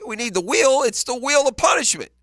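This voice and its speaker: A man's voice: extremely high pitch, expressive, a little fast, a bit bright, dry recording, studio quality. A man co-hosting a morning sports radio show, chatting casually, teasing and laughing often. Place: radio studio. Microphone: studio microphone.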